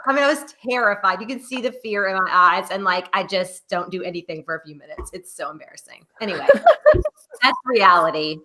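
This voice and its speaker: A woman in her thirties co-hosting a casual podcast chat, an animated storyteller. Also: a little fast. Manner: animated storyteller, acts out quotes in a high wail. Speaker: podcast co-host.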